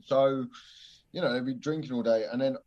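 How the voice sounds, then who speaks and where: A man's voice: medium pitch, fairly even intonation, a little fast, muffled recording, a little hiss or hum. A man, a stand-up comedian telling a gig story in casual podcast chat, swearing freely and laughing often.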